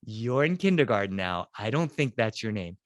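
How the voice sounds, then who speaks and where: A man voicing a kindly female kindergarten teacher who gently calls a child honey. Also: fairly low pitch, very animated, moderate pace, no room sound, clean studio sound, voice pushed down. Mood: sweet.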